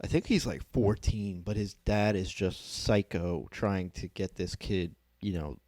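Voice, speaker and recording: A man's voice: deep voice, measured pace, darkish tone, no echo. A man co-hosting a casual comedy podcast, offhand and chatty.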